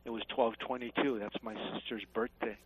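A man calling in to a radio talk show, speaking haltingly with many fillers. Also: mid-range voice, steady tone, husky, rough recording. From Texas. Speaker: caller. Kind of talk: call-in radio caller.

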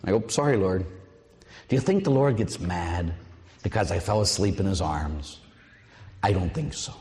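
Animated priest preaching in a hall. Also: male voice, low voice, normal speed. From Pittsburgh, USA. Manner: animated, storytelling with acted-out voices. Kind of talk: sermon.

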